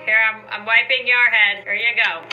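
A woman's voice: a little high, steady tone, moderate pace, narrow, tinny audio, loud music behind the voice. A woman giving goofy, chatty commentary while playing a pretend doctor game, laughing often. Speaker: gaming YouTuber.

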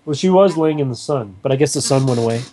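A man's voice: mid-range voice, animated, fast talker, dark tone. A young man hosting a casual chat while gaming, rambling goofily and bantering with a friend. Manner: goofy, rambling, silly banter. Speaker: channel host.

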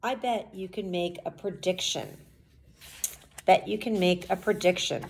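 A woman's voice: on the low side, a little slow, gravelly. A woman teacher reading a storybook aloud to children, coaxing them with questions as she goes. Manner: coaxing, asks the listeners questions.

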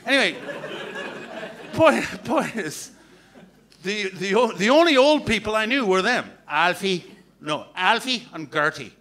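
A man's voice: sits high, expressive, unhurried, long pauses, pushed and bright. A man from Canada doing a rambling, sweary, self-mocking live stand-up set on a comedy club stage, recorded on a handheld mic.

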